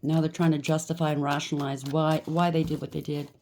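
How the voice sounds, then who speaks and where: A woman's voice: deep voice, level tone, a little fast, darkish tone, slight background noise. A woman reading tarot cards in a blunt, scolding manner. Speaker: tarot reader.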